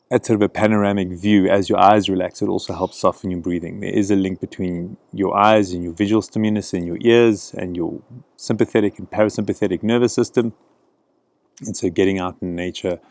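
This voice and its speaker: A middle-aged man teaching gentle breathing practice outdoors, speaking in a calm, encouraging way. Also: deep voice, dry recording. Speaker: breathing coach. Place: outdoors in a canyon.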